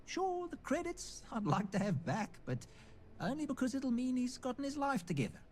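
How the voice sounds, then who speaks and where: A man's voice: very high voice, big pitch swings, normal speed, darkish tone, slight background noise. A man voicing a friendly, principled shopkeeper in a video game, chatty and wry. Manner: chatty, wry and good-natured.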